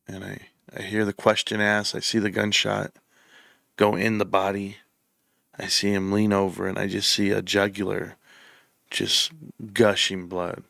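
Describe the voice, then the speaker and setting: A man's voice: lowish voice, monotone, measured pace, creaky, pushed and bright, dry recording, studio quality. A man hosting his own political commentary show, speaking with impassioned, emphatic feeling and repeating phrases as he builds up. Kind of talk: opinionated commentary. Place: room set up for the show.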